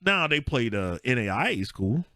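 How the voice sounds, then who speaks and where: A man of medium pitch talks at normal speed, with clean studio sound and no echo. He co-hosts a podcast, sharing casual sports stories in an animated way with frequent laughter and acted-out dialogue.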